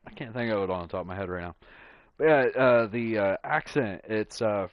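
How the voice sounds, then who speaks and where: A man with a very low voice talks over his gameplay, slowly and haltingly, with plenty of pauses. His mic sounds dull and dry, with no room around it. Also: dry recording. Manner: slow and halting, many fillers and pauses. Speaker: gameplay streamer. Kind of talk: casual commentary.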